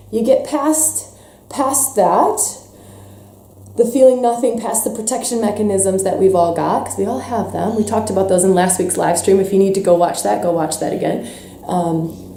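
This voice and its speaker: Passionate woman leading a spiritual talk. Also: on the high side. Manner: passionate, swearing, shifts between soft and emphatic. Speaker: workshop leader. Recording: echoey room.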